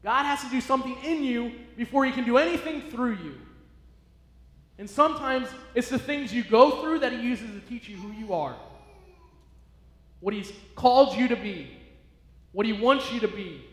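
A man's voice: very high-pitched, normal speed, a bit bright. A male pastor preaching a sermon in a church, emphatic and repetitive, encouraging his listeners. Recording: echoey hall.

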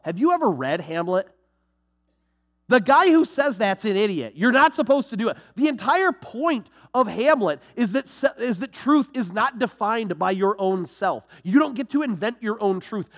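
A young adult man preaching a sermon to his congregation, animated and sarcastic, with quick restarts. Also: high-pitched, big-room sound. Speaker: pastor.

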